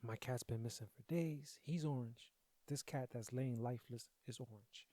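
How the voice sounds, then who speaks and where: Podcast host, young man, loose profane storytelling, emotional, warm low-key voice, dry mic. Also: normal speed, no echo. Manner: profane, conversational, repeats himself. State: grieving, emotional. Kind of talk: casual storytelling.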